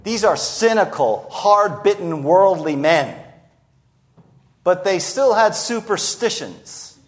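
A man with a high-pitched voice delivers an expository sermon. He acts out quoted lines and drops his pace sharply to land key phrases. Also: very animated, slow pace. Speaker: preacher.

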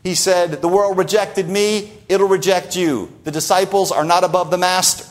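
A man's voice: high voice, steady tone, normal speed. A man preaching a sermon, teaching from a Bible passage with emphatic stresses and rhetorical asides.

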